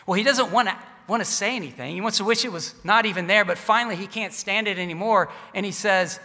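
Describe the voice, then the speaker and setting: Male preacher, sermon storytelling, earnest, high voice, long hall reverb. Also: a little fast, bright, forceful tone. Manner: earnest, storytelling with varied volume.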